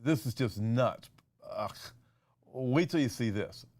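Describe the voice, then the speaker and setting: A man, a pastor hosting a show, giving animated, incredulous commentary on video clips. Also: mid-range voice, slow.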